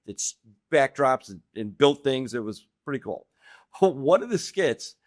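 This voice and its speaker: A middle-aged man appearing as a guest on a podcast, telling animated anecdotes and laughing often as he goes. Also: medium pitch, dry recording, clean studio sound. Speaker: guest real estate agent. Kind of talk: casual podcast storytelling. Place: indoor podcast room.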